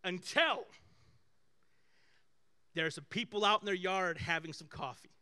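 A male pastor giving a conversational sermon, telling personal stories with animated swings between loud bursts and hushed asides. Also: sits high, unhurried, clean tone.

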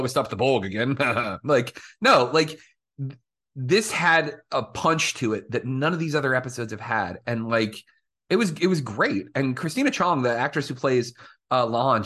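A man co-hosting a fan podcast, chatting excitedly and swearing freely. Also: medium pitch, normal speed. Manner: excitable, swearing, acts out characters in quotes. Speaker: podcast co-host. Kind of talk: casual fan chat.

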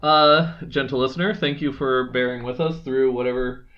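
A man's voice: mid-range voice, fairly even intonation, normal speed. A man co-hosts a laid-back podcast, rambling through his thoughts with fillers and restarts. The recording sounds a little muffled. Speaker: podcast co-host. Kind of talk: casual chat.

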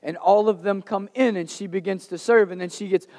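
A man preaching a sermon in a conversational, animated storytelling way. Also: high voice, brisk. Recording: reverberant hall.

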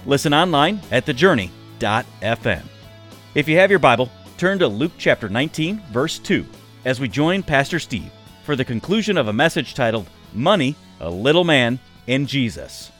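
A man announcing a radio program with a smooth, scripted introduction. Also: mid-range voice, very animated, normal speed, a bit bright. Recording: faint music bed behind.

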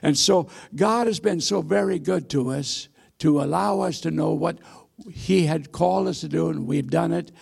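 In a church sanctuary, a missionary preacher in his eighties delivers a sermon full of folksy, self-deprecating stories and frequent hesitations. His voice is fairly high and a little mellow, with vocal fry and a breathy edge, at a normal speed.

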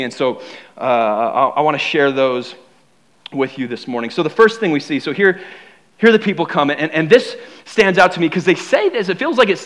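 A young man preaching a sermon, casual and animated, acting out quotes as he tells stories. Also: fairly high pitch. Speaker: pastor.

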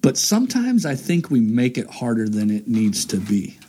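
A man's voice: mid-range voice, very animated, moderate pace, dark tone, husky. A man hosting a casual faith talk, earnest and rambling, restarting his sentences often. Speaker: host.

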